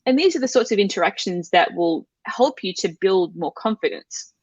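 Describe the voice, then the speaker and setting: A woman, a language teacher talking as an interview guest, lively and acting out little exchanges in a raised voice. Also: mid-range voice, normal speed, husky, dry recording, muffled recording. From Australia. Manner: animated, acts out quoted exchanges in a lifted voice. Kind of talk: conversational interview.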